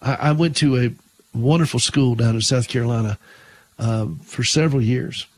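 Husky earnest radio host, middle-aged man. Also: mid-range voice, normal speed. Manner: earnest, storytelling, repeats words when emphatic. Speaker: radio talk show host. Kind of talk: Christian radio monologue.

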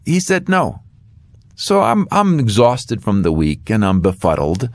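A man's voice: mid-range voice, a little slow, creaky, dry recording. A middle-aged man, an author and guest, telling a faith story and acting out the voices in it. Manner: animated storyteller acting out dialogue.

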